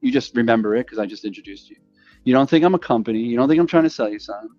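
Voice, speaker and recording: A man in casual podcast conversation, talking in a rambling, animated way and acting out phone calls. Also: medium pitch, very fast, lo-fi sound, faint music behind. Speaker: podcast host.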